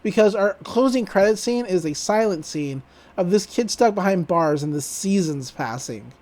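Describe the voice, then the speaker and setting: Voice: mid-range voice, lively intonation, normal speed, a little mellow. A podcast host recapping a cartoon episode in a casual, rambling, amused way.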